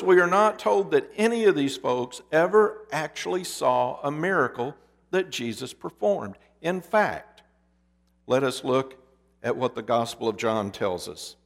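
A man preaching a sermon as pastor, moving between loud emphasis and hushed, dramatic pauses. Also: medium pitch. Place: church sanctuary. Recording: long reverb of a church hall.

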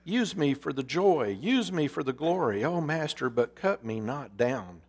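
A man's voice: fairly high pitch, measured pace, gravelly, long reverb tail, voice pushed up. A man voicing a proud male bamboo plant in a storybook parable, pleading in archaic speech.

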